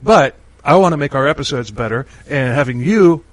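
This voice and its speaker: A man's voice: medium pitch, expressive, dry recording, rough recording. A man hosting a podcast in casual chat, rambling with many restarts and frequent laughs. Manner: rambling, halting, laughs often. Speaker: podcast host.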